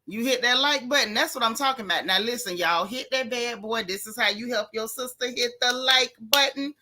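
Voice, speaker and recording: A woman hosting a casual livestream, greeting viewers one by one in a lively, chatty way with slang. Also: fairly high pitch, brisk. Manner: lively, chatty, Southern Black American slang. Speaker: livestream host.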